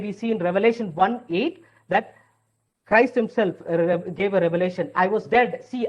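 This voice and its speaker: Woman giving a sermon, earnest, keeps saying yes, mid pitch, muffled lo-fi audio. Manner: earnest, affirms points with repeated "yes". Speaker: preacher.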